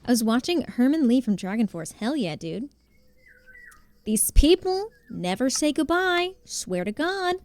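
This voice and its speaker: Chatty, giggly woman streamer, fairly high voice. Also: very animated, measured pace, a little mellow. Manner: chatty, laughs often, reads and answers chat. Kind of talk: casual live-stream chat while gaming.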